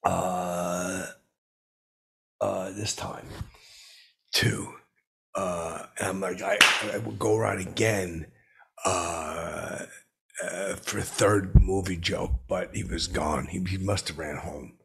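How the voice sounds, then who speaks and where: A man telling a rambling comic anecdote, halting and full of fillers, with blustering asides. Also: sits low, steady tone, creaky, breathy edge. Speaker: storyteller.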